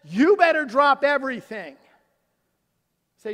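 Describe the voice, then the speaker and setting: A middle-aged man, a pastor, preaching a sermon with emphasis, swinging from loud to hushed. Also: high voice, unhurried. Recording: long hall reverb.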